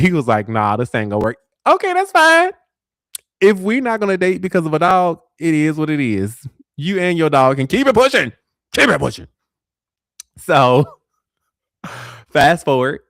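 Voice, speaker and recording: A man's voice: fairly low pitch, no echo, clean studio sound. A man in his forties hosting a talk show, telling dating stories in a casual, sassy way and acting out the dialogue. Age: 40s. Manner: animated, acts out dialogue with sass. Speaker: host. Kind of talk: casual storytelling.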